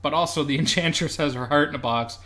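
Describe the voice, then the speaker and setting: A man's voice: fairly high pitch, quick pace, sharp tone. A man co-hosting a podcast, talking casually and animatedly about a movie, swearing and laughing. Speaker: podcast co-host.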